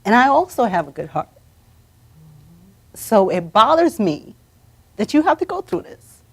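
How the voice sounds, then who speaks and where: A woman hosting a live talk show, coaching her guests to say affirmations out loud. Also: fairly high pitch, sing-song, unhurried, slightly rough. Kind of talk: motivational talk show chat. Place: studio or room, streamed live.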